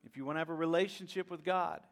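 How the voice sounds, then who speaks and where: A man preaching a sermon as pastor, rising to loud emphatic passages with dramatic pauses. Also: fairly high pitch, steady tone, gravelly, soft background music.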